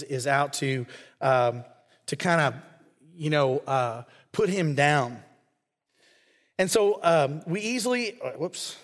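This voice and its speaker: Pastor guy preaching, kinda high voice, earnest and chatty, lots of hall echo. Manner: earnest, conversational, acts out imagined quotes. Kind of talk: sermon. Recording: long hall reverb.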